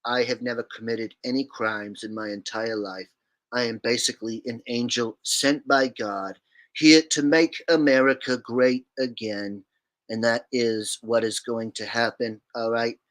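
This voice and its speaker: Brash older politician, self-praising and emphatic, bright forceful tone, put on by a man. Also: mid-range voice, steady tone, a little slow, close to an everyday voice. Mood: boastful. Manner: bragging, emphatic, repeating "all right" and "okay".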